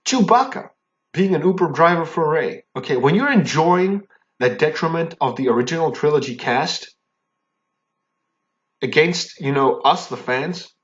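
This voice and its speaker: A man's voice: a little high, highs cut off. A man ranting angrily to his viewers, heated and indignant, stumbling over his words and tagging his points with "okay?". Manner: repeats and restarts when worked up. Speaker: fan commentary vlogger. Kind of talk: angry ranting monologue.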